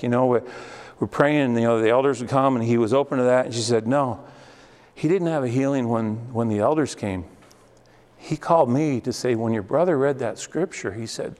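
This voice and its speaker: A man's voice: mid-range voice, moderate pace, darkish tone, long reverb tail. A man preaching, telling a personal story that rises into fervent preaching. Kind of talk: testimony sermon.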